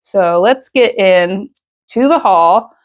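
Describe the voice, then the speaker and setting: A woman's voice: medium pitch, slow pace. A woman, telling a personal story in a casual vlog, emotional and rambling with many fillers and restarts. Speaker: vlogger.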